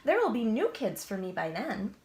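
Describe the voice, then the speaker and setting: A woman's voice: medium pitch, sing-song, moderate pace. A woman voicing a cheerful, reassuring lollipop character in a children's story. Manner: bright and reassuring.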